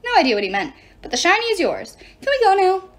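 A woman's voice: very high-pitched, huge pitch swings, fast talker, voice pushed up, exaggerated voice. A woman voicing a nervous male dwarf thief who whines, begs and stammers, in a storybook reading. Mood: offhand. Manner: whiny, stammering and begging.

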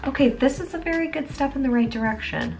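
A young woman chatting casually as a beauty vlogger, bubbly and quick to exclaim. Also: high voice, a little mellow, faint music behind. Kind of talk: casual chat.

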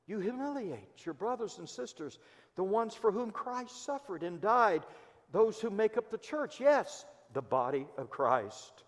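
A man with a Midwestern American accent, a pastor preaching a sermon in church and telling stories, swinging between loud emphasis and hushed asides. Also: high-pitched. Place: church sanctuary. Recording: long hall reverb.

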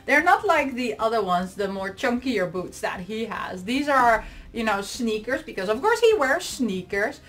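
A woman's voice: fairly high pitch, sing-song, moderate pace, hardly any pauses, a bit bright. A woman vlogger unboxing and reviewing dolls in casual chat, gushing, squealing and giggling over every item.

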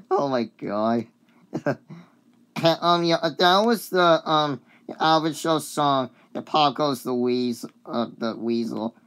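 Slow, smooth-voiced sick vlogger, coughing. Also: mid-range voice, a bit bright. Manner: rambling and hesitant, full of fillers; apologetic. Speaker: video uploader. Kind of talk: casual chat about a cartoon song.

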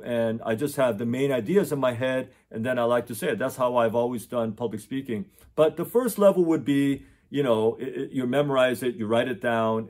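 A man's voice: mid-range voice, darkish tone. A middle-aged man, a tutor, talking unscripted to his camera with many fillers and restarts. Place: indoors in front of his camera. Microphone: camera mic.

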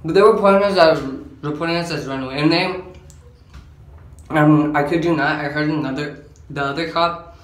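A man's voice: fairly high pitch, steady tone, moderate pace, long pauses. An eighteen-year-old man telling a storytime in a rambling, slangy way, filling his talk with "like". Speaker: vlogger. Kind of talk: casual storytime chat. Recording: roomy echo, faint background hum.

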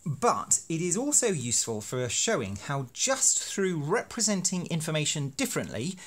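A man's voice: fairly high pitch, sing-song, moderate pace, a bit bright. A man explaining a teaching card game in a playful, self-deprecating, hammy way. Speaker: university lecturer making teaching videos. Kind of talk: educational explainer.

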